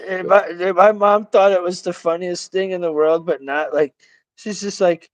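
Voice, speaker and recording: A man's voice: high voice, steady tone, normal speed, dry recording. Laid-back swearing young-sounding man. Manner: laid-back, swears freely, laughs a lot. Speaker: host. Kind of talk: casual chat.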